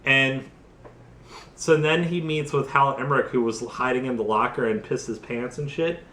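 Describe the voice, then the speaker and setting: A tipsy young man rambles through a comedic game recap, piling up fillers and restarts. His voice sits at a middle pitch. The sound is echoey, as in a bare room. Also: normal speed, sharp tone, slight background noise. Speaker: host.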